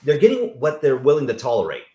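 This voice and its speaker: Animated male host in an echoey room. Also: mid-range voice, fast talker. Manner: animated storytelling, acts out quoted people. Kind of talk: conversational interview.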